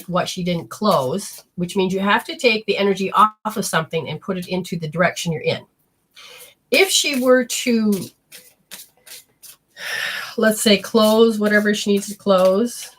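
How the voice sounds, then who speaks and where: A woman hosting a live call-in spiritual reading, effusive and prone to high excited exclamations. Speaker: spiritual reader and show host.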